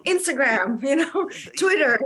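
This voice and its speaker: High-pitched woman with a Russian accent. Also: animated, a little slow, a loud crowd. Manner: laughing, playful banter. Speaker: guest. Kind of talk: casual chat.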